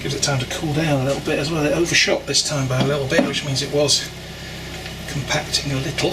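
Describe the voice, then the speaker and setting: Home brewer, chatty how-to, loud clattery noise behind. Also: male voice, a little high. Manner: chatty, explaining as he works, wry asides. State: exerting while stirring. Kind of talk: casual how-to vlog narration. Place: home brewing setup.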